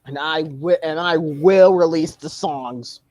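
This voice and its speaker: A man's voice: on the high side, takes it slowly, a little mellow, dry recording. A man hosting a livestream in casual chat, eager and repeating himself often. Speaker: livestream host.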